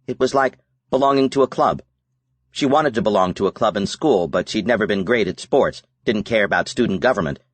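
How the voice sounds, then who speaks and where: A man narrating a novel as an audiobook in a measured, even reading. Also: on the low side, no echo. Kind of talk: scripted narration.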